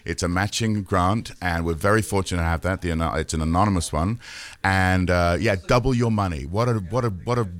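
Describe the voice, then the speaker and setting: A man's voice: low voice, a little fast. A man with an English accent, co-hosting a radio pledge drive in a joking, chatty way and repeating the call-in number. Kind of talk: casual radio pledge pitch. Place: radio studio.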